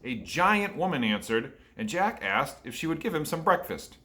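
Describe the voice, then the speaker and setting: Male storyteller reading a picture book to kids, bright and forceful. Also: on the high side, big pitch swings, normal speed. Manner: asks children questions. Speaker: storyteller for children.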